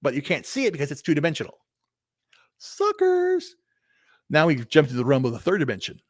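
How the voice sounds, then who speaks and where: A man's voice: a little high, racing, no room sound, studio quality. A man in his fifties doing a solo livestream, thinking aloud in a meandering way with many restarts, repeated words and casual swearing. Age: 50s. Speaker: vlogger. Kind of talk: rambling solo livestream talk.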